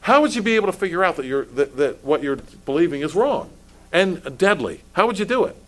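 A man's voice: high voice, big pitch swings, a little fast. A male pastor preaching a sermon, asking pointed rhetorical questions and stumbling over restarts as he builds his points.

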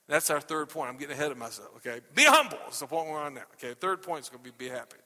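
Animated high-voiced male preacher. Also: fast talker, hardly any pauses, long reverb tail. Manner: animated, repeats "okay?" constantly. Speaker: pastor. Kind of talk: sermon. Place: church sanctuary. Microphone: microphone.

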